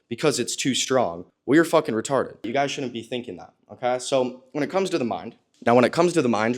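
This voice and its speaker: A man giving a blunt, profane business coaching talk. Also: medium pitch. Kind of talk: coaching monologue.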